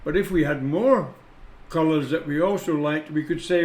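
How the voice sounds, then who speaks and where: A man teaching English punctuation, patient and deliberate, stopping to spell out each rule. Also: fairly high pitch, darkish tone. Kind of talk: explaining punctuation with read-out examples. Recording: echoey room.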